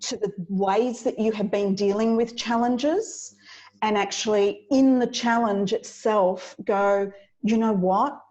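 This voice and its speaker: A woman's voice: medium pitch, fairly even intonation, slow pace, a little mellow, poor audio. A woman podcast guest, a coach, speaking earnestly and from the heart about mindfulness in casual interview chat. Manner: earnest, heartfelt spiritual sharing.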